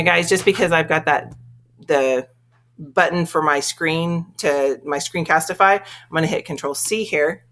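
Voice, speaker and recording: A woman's voice: deep voice, fairly bright tone. A woman with a Texas accent teaching a screen-recorded tutorial, chatting step by step through each click. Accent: Texan.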